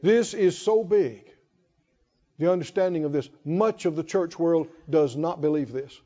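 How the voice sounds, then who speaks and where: A man's voice: on the high side, measured pace, warm tone. A man preaching a sermon in a folksy way, calling out to the congregation. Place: church hall. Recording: muffled hall reverb.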